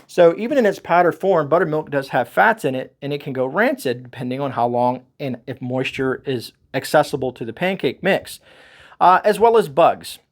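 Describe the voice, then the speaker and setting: Folksy man with a higher voice. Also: expressive, moderate pace. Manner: folksy, rambling, addresses viewers as folks. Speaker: homestead channel host. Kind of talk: casual grocery haul vlog.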